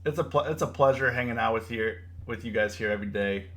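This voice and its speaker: A young trading livestreamer talks fast at a medium pitch, casually commenting but getting fired up and preachy. He repeats himself a lot during his lecturing and keeps saying "bro" and "you know."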